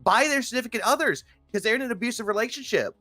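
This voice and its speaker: A man's voice: very high-pitched, fast, bright, forceful tone, dry recording, faint music behind. A man in a casual online voice chat, criticizing someone in an exasperated tone. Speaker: voice chat participant. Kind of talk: casual discussion.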